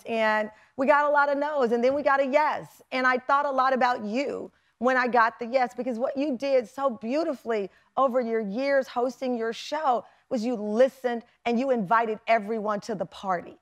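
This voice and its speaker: A woman's voice: a little high, moderate pace, hardly any pauses. A middle-aged woman hosting a talk show, chatting in an effusive, emphatic way and laughing often. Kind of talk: casual interview chat. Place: TV studio with live audience.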